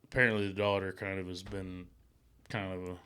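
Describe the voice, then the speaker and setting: A man's voice: low-pitched, level tone, brisk, bright, forceful tone, clear, resonant tone. Rambling, swearing man telling a story. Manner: rambling, acts out quotes in raised voices, swears. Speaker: podcast co-host. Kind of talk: casual storytelling chat.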